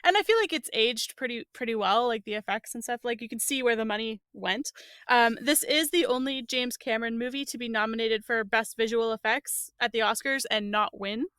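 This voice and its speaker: A woman's voice: a little high, brisk, fairly bright tone, clear, resonant tone, no echo, clean studio sound. A woman co-hosting a casual movie podcast, sharing trivia with filler ums and owning her slips lightly. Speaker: podcast co-host. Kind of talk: casual movie-review chat.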